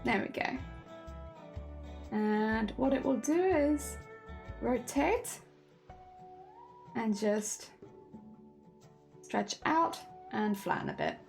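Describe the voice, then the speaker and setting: A chatty woman streamer with an animated pitch, drawn-out words and a creaky voice leaves long pauses as she rigs a vtuber model live. She coughs, sounds a little congested, narrates each step, and greets viewers over soft background music.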